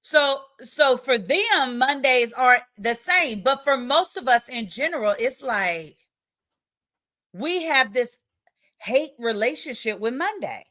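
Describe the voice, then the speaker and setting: Give me a playful woman livestream host, reading comments in a bright, lively voice. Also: high voice, takes it slowly. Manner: chatty, reads viewer comments aloud, playful. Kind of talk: casual livestream chat.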